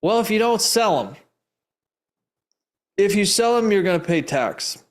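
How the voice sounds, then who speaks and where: A man's voice: high voice, animated, measured pace. A man who teaches investing, answering audience questions live in an emphatic, rambling storytelling way, often laughing. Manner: rambling, restarts sentences often. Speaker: investing educator.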